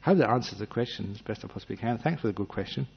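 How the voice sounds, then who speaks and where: A man giving a gentle, humorous meditation talk, acting out little scenes as he teaches. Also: fairly low pitch, animated, very fast, vocal fry, slightly rough. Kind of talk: dharma talk. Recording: dull lo-fi recording.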